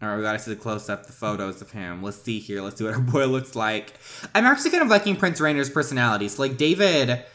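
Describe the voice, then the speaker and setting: A man's voice: mid-range voice, lively intonation, fast, bright, forceful tone. A man hosting a story game playthrough, chatting playfully with frequent laughs and asides as he reads along. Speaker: gaming channel host.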